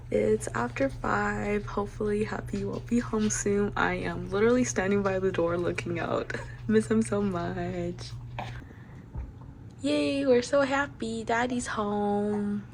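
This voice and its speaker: Slow, doting mom cooing to dogs. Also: female voice, medium pitch, fairly even intonation, gravelly, darkish tone, slight background noise. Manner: doting baby talk to her dogs. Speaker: stay-at-home mom vlogger. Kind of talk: casual vlog narration. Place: home indoors.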